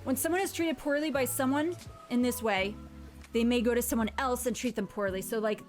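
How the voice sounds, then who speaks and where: A woman, a parent, hosting a casual livestream chat, giving earnest, gentle advice and reading viewers' messages aloud. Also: on the high side, a little fast, faint music behind. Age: adult parent. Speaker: livestream host.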